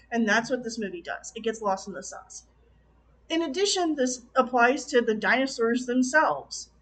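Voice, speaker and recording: A woman with a high voice delivers a casual film review straight to her viewers. She speaks with passion, exclaims often and laughs easily as she vents her frustrations. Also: a bit bright, a little hiss or hum.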